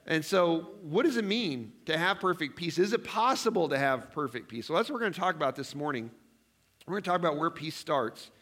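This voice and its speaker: A man's voice: sits high, a bit bright. A man preaching a sermon as pastor, conversational and self-deprecating, often asking the congregation questions. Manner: self-deprecating, jokes about himself.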